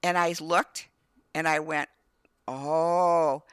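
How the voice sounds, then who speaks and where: A woman in her fifties telling lively family anecdotes as a guest, often acting out a child's words. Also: low-pitched, drawn-out words, smooth, dry recording. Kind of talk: storytelling in casual conversation.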